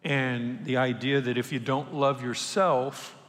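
A man preaching a sermon in a relaxed, conversational way, acting out the voices of people he quotes. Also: mid-range voice, measured pace. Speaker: pastor. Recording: long reverb from a large hall.

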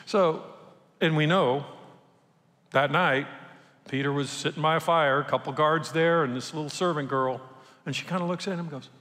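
A man preaching a sermon in a relaxed, conversational way, acting out the voices of people he quotes. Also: a little high, normal speed. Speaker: pastor. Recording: long reverb from a large hall.

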